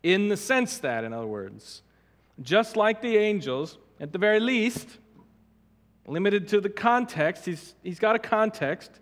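Man preaching in a reverberant hall. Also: high-pitched. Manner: emphatic, repeats and stresses words while teaching. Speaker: pastor. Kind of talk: expository sermon.

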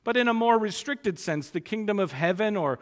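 A man preaching an expository sermon, emphatic and stressing key phrases by slowing down. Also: high voice, lively intonation, big-room sound.

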